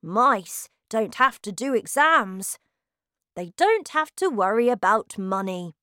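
A woman voicing a calm, sensible young boy turned into a mouse, speaking patiently in a storybook reading. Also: a little high, slow, clear, resonant tone, dry recording, studio quality, full character voice. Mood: thoughtful.

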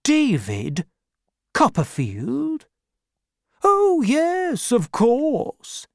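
A woman's voice: high voice, wildly swooping pitch, drawn-out words, no room sound, studio quality, pitched above the performer's own voice, heavily acted. A woman doing a vague, grey-haired old man. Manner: hesitant, absent-minded.

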